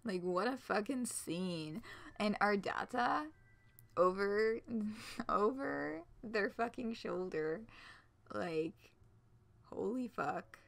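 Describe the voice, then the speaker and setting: A woman streamer reading a visual novel aloud, expressive, laughing often and swearing casually. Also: mid-range voice, slow, creaky, pauses often.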